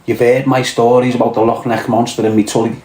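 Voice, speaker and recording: A man's voice: mid-range voice, level tone, quick pace, a little mellow. Blunt swearing Scouse man, echoey room. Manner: profane, blunt, swaggering storyteller. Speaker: livestream host reading chat. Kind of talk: crude casual chat. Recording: roomy echo.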